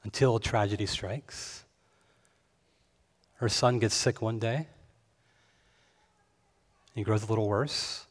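A man preaching a sermon, expressive, moving between hushed reflection and fervent emphasis. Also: fairly low pitch, slow pace, pauses often. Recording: long hall reverb.

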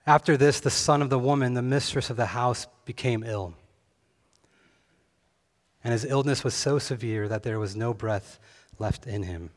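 A man preaching a sermon, expressive, moving between hushed reflection and fervent emphasis. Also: medium pitch, normal speed, pauses often. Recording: long hall reverb.

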